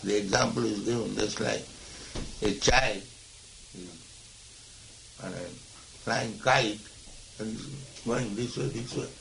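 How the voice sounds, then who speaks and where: A gravelly-voiced man leads a philosophical discussion as a spiritual teacher. He lectures emphatically and admonishes his listener. A faint ambient hum sits behind him. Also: lowish voice, a bit bright, rough recording.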